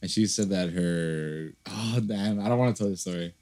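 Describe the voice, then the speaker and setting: A man's voice: low-pitched, normal speed, mellow. A man telling rambling stories in casual podcast chat, full of fillers and swearing. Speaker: podcast co-host.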